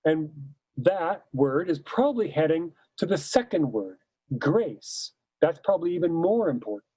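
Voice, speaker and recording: A man explaining how choirs should shape a musical line, talking slowly and with warm, mellow weight on the words that matter. His voice sits a touch high for a man and sounds dry and close, as if recorded right at the mic. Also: sing-song, slightly rough, no echo, poor audio. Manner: measured, emphatic, sings short hymn phrases to demonstrate. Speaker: choral music teacher. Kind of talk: instructional talk.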